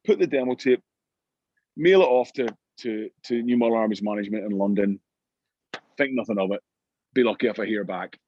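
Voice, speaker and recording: A middle-aged Scottish man telling anecdotes in an interview, lively and full of restarts. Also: on the low side, a little fast, pauses often, highs cut off, slight background noise. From Scotland. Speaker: guest musician. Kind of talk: storytelling interview.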